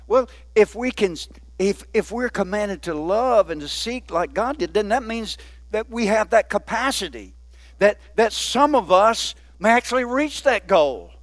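High-voiced preaching man, dry sound. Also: expressive, no echo. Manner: call-and-response preaching with frequent "Amen?"; emphatic, slows down to stress key words. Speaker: pastor. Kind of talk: sermon.

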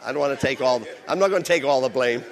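A man's voice: medium pitch, fast talker, gravelly. A middle-aged man preaching a sermon as pastor in a church, his voice swelling and dropping with passion. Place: church sanctuary.

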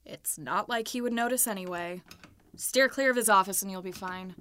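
A woman's voice: mid-range voice, moderate pace, background noise, close to an everyday voice. An actress playing a frustrated young woman in her twenties who is troubled by recurring nightmares. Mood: glum. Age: young adult. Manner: frustrated, sarcastic, swearing.

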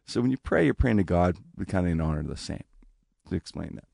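Gravelly man telling a lively story. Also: fast, dry recording, clean studio sound. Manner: animated, acts out quoted speech with big pitch jumps. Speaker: guest telling a personal story. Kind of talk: casual spoken storytelling.

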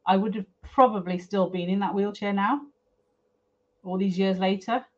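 A middle-aged woman speaks openly about her own life in an interview, talking in a frank, emotional, rambling way. Her pitch sits in the middle for a woman. The recording sounds a little muffled and lo-fi. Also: fairly even intonation, normal speed, a little mellow. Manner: frank, emotional, chatty with fillers. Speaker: guest, property developer. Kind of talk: candid personal storytelling. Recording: slightly dull lo-fi audio.

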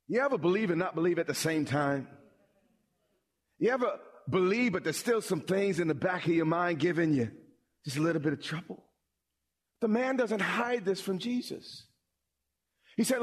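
A male pastor delivering a sermon in an animated way, repeating words when he presses a point. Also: high voice, a little slow, pauses often, breathy edge.

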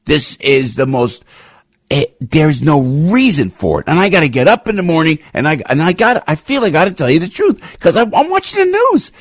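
An older man hosting a radio talk show, telling anecdotes in an emphatic, repetitive, rambling way with sudden swings in pitch. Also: big pitch swings, a little fast, no echo, clean studio sound. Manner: emphatic, repetitive, restarts often. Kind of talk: rambling opinion monologue with anecdotes.

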